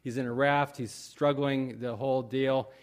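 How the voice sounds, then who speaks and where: A man preaching a sermon in a conversational, earnest way, often pausing with fillers and restarting his sentences. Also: mid-range voice, fairly even intonation. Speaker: pastor.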